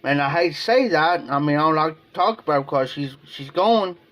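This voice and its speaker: Heard through a muffled recording, a fairly high-pitched Ohio man talks briskly and expressively on his livestream. He rambles with emotion and often repeats himself.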